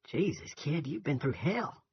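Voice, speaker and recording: A man voicing a young male army private with a Southern drawl, speaking low and casually. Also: expressive, a little fast, husky. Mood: shocked. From South Carolina. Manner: drawling, casual, soft-spoken. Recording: dull lo-fi recording.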